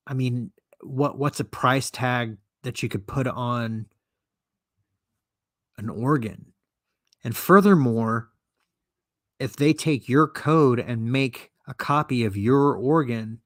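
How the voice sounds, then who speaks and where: A man's voice: mid-range voice, takes it slowly, pauses often, a bit bright, dry recording, studio quality. A man hosting a podcast and ranting alone, sarcastic, profane and indignant as he reads from and mocks an article. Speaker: podcast host. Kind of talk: solo commentary rant.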